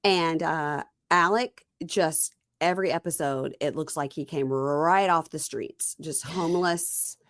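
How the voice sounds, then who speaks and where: Chatty woman, low, very dry sound. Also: a little slow, few pauses, fairly bright tone, dry recording. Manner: chatty storyteller, quotes people in voices. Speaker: podcast host. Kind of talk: casual chat about reality TV.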